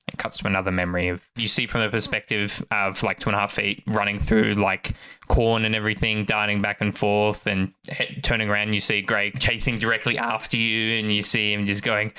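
A man running a tabletop game, telling the scene in an animated way with many restarts. His voice sits fairly low but sounds bright and forceful. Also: a little fast, clean tone. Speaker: game master.

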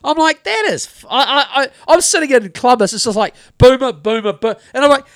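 A man's voice: very high voice, brisk, no room sound, studio quality. A man with a New Zealand accent co-hosting a casual podcast, telling stories and ranting with lots of swearing. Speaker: podcast co-host. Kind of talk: casual chat.

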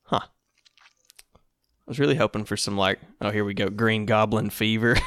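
A man's voice: on the low side, steady tone, a little slow, fairly bright tone, clear, resonant tone, no room sound, clean studio sound. A man hosting a casual solo podcast in a laid-back, rambling, self-amused way. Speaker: podcast host.

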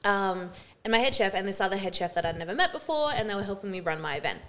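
An Australian woman co-hosting a podcast, telling work stories in lively, swearing casual chat and acting out what people said. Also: medium pitch, quick pace. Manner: animated storytelling, swearing freely, acting out quotes. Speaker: podcast co-host.

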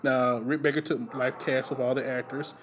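A man's voice: mid-range voice, level tone, moderate pace, fairly bright tone, slight background noise. Rambling man sharing movie trivia. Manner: loose, rambling delivery with frequent fillers and laughs. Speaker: podcast co-host. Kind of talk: casual movie trivia chat.

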